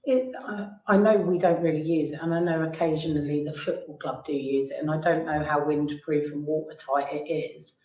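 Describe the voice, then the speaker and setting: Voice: mid-range voice, steady tone, normal speed, few pauses, mellow, lo-fi sound. A councillor explains progress in a committee meeting, earnest and plain. The voice sits mid-range. It sounds echoey, caught in a reverberant room. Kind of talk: meeting discussion.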